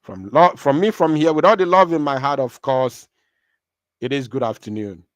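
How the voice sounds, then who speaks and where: A man speaks straight to his live-stream audience, emphatic and rallying, repeating his points. His voice sits at a middling pitch, and the sound is dry and close. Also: animated, normal speed, no room sound, highs cut off.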